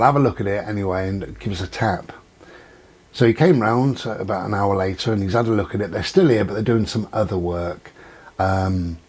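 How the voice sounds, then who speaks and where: A man with a low, slightly husky voice rambles through everyday anecdotes. He talks casually and acts out the lines of each conversation he recounts. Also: darkish tone. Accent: not local to Dorset. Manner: chatty storyteller, acts out quoted exchanges. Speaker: vlogger. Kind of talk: casual monologue.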